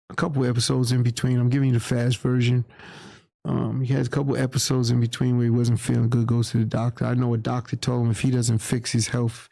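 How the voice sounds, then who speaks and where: Gravelly, dark-voiced man telling a story. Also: medium pitch, no room sound, clean studio sound. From New York. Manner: candid, plain-spoken, acts out quoted voices. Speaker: interview guest. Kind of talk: casual storytelling.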